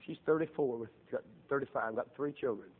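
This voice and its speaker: A middle-aged man preaching a sermon, with fervent delivery that swells into loud, drawn-out emphasis. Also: medium pitch, husky. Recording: tinny phone-like lo-fi sound.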